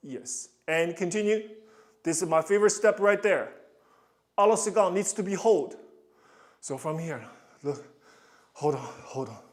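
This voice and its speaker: Man, ballet coach, high voice, slow deliberate delivery, sings counts. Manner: animated, counts and sings out steps. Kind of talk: online ballet coaching session.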